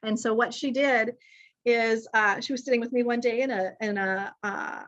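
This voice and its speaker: A middle-aged woman gives a chatty, story-filled presentation, often catching and restarting her sentences. Her voice sits a little high. The recording sounds dull and lo-fi. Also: normal speed. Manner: chatty, lively, frequent restarts and self-corrections. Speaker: speech pathologist and caregiver giving a presentation. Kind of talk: conversational presentation with anecdotes.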